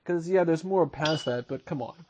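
A man hosting a casual podcast chat, introducing guests and running through topics in quick, chatty rundowns. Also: fairly high pitch, darkish tone, a little hiss or hum. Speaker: podcast host.

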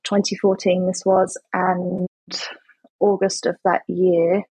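A woman's voice: on the low side, little pitch movement, takes it slowly, warm tone, breathy edge, no echo, low-quality recording. A woman in her thirties with an English accent, telling a story in a chatty, self-mocking way as a podcast guest. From England. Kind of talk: casual interview chat.

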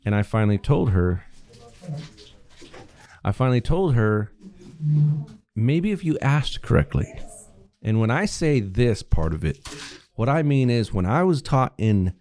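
A man's voice: fairly low pitch, big pitch swings, unhurried, long pauses, darkish tone. A man co-hosting a casual podcast, ranting and swearing freely with frequent laughter. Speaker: podcast co-host. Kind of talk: casual profane chat.

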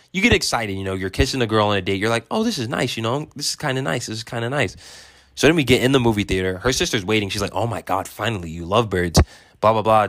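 A man's voice: lowish voice, fairly bright tone, dry recording, studio quality. A young man telling a story casually, laid-back and rambling with lots of fillers. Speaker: vlogger.

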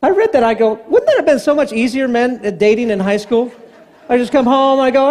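A man preaching a sermon as pastor, conversational and joking, acting out the people in the story with quick voices. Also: very high voice, animated, darkish tone. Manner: conversational, acts out quotes in voices. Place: church hall. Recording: hall reverb.

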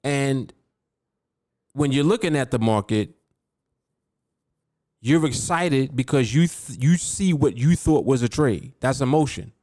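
A man's voice: mid-range voice, animated, unhurried, long pauses, mellow, no echo, clean studio sound. A man hosting a podcast as a trading coach, talking emphatically, repeating key words and speaking straight to his listener. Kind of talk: motivational podcast talk.

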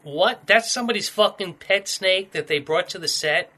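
A man co-hosting a casual podcast chat, animated and profane, full of jokes and asides. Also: high voice, normal speed. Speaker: podcast co-host.

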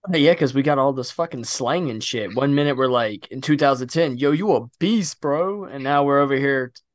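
A young man, chatting casually as a co-host in a blunt, animated, profane way. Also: mid-range voice, brisk, no room sound, studio quality. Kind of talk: casual chat.

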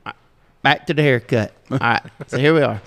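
Middle-aged southern guy from georgia, gravelly voice, chuckles a lot telling folksy stories, sounds like a big echoey room. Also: medium pitch, brisk, fairly bright tone. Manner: chuckles often, folksy, self-deprecating. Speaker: podcast guest. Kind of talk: casual storytelling. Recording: roomy with long reverb.

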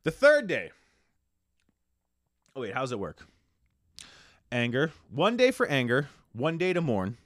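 A man's voice: medium pitch, wildly swooping pitch, unhurried, pauses often, a bit bright, no echo, clean studio sound. A man hosting a casual podcast monologue, rambling and swearing freely, with lots of fillers. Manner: rambling, profane, full of fillers. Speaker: podcast host.

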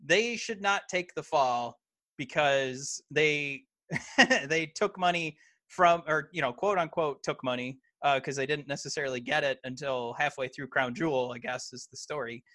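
This is a podcast co-host in casual wrestling talk, using a fairly high voice at normal speed with a pushed, bright quality. He hesitates a lot, filling gaps and restarting his sentences. There's no room sound.

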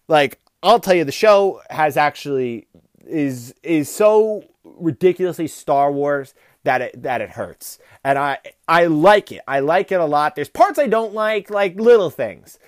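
A man's voice: a little high, lively intonation, unhurried, dry recording, studio quality. A man hosting a podcast, ranting through a casual comedic review with a profane, rambling delivery. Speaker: podcast host.

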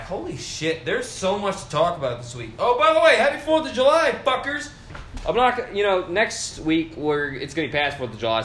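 Bright and forceful, the mid-range voice of a young podcast host carries a casual, meandering monologue full of swearing and fillers, delivered tipsy from beer. The recording has a roomy echo and slight background noise.

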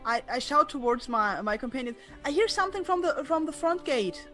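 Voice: high-pitched, lively intonation, a little fast, a bit bright, soft background music. A player in a tabletop game who speaks casually and hesitantly, stumbling over words. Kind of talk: casual chat.

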